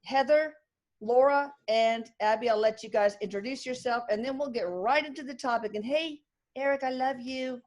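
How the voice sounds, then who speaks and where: A middle-aged woman with a Texan accent hosting a casual group chat, chatty and quick to laugh. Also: fairly high pitch. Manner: chatty, laughing, drawling y'all. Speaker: host.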